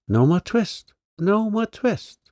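A man's voice: high-pitched, very animated, slow pace, a little mellow, no echo, studio quality, pitched above the performer's own voice, heavily acted. A man voicing a chorus of tiny, cheeky tailoring mice in a light, sing-song voice, raised well above his own. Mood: gleeful.

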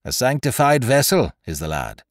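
A man's voice: medium pitch, sing-song, normal speed, dry recording, clean studio sound, pitched above the performer's own voice. Man playing a preachy, sanctimonious ship's gunner. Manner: preachy, unctuous.

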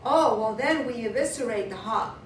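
A woman voicing a rough-talking, cheerful male hog hunter who speaks loud and matter-of-fact, heard from far off in an echoey, noisy room. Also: fairly high pitch, expressive, normal speed, lightly acted. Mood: boastful.

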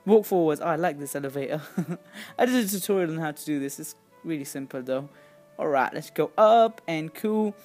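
Excitable woman giving lively game commentary. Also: deep voice, soft background music. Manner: excitable, chatty, quick to squeal and exclaim. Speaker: gaming channel host.

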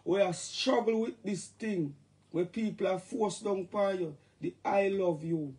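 A man's voice: high-pitched, measured pace, darkish tone. A middle-aged man with a Jamaican accent, talking in patois on a casual, joking livestream rant.

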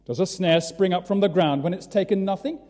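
A man acting out a loud open-air prophet. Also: high voice, fairly quick, voice pushed up, lightly acted. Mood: declaiming. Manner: loud, declaiming street-preacher questions. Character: male open-air prophet calling out questions to passers-by. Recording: long church reverb.

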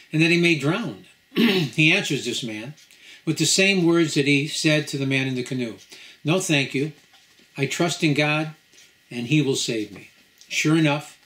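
A man, a rabbi, giving a lecture at a home gathering, telling a parable and then teaching in a measured, storytelling way with pauses. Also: on the high side, a bit bright. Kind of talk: sermon-style lecture.

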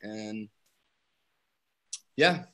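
A man's voice: fairly low pitch, animated, extremely slow, bright, forceful tone, rough recording. A young adult man, a rapper from Iran, telling a story in a casual live interview, acting out the quotes and laughing often. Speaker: guest rapper.

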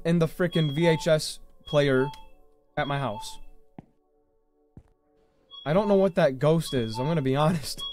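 Young guy streaming a scary game, jumpy, yelps and shouts, kinda high voice, bit of music under it. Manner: jumpy, reactive, yells when startled. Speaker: gaming streamer. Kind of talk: live gameplay commentary. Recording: faint music behind voice.

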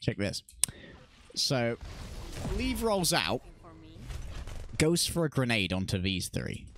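Animated sarcastic male game commentator. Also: mid-range voice, slow, slight background noise. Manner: animated, sarcastic, swears and laughs often. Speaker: esports commentator. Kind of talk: comedic game commentary voice-over. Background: background music.

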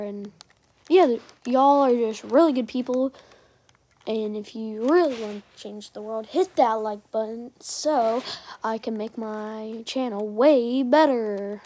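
A woman's voice: a little high, fairly even intonation, unhurried, mellow. A young woman giving rambling, chatty gameplay commentary and pleading with viewers to subscribe. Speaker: gaming channel creator.

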